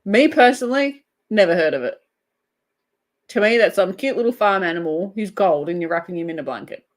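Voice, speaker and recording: A woman's voice: medium pitch, lively intonation, a little fast. An Australian woman hosting a casual livestream, giggling often and chatting as she reads viewer comments aloud. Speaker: crochet livestream host. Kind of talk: casual live-chat banter.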